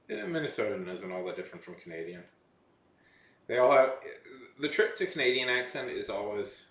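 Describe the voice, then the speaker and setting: In a fairly low, slightly bright voice, a vlogger speaks a little fast with lively intonation. He chats casually and rambles, frequently starting over or fixing what he's said, in an echoey space.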